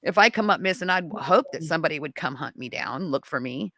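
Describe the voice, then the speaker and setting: A woman guest on a podcast, telling a story in casual conversation, animated and rising to high exclamations. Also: quick pace, no room sound.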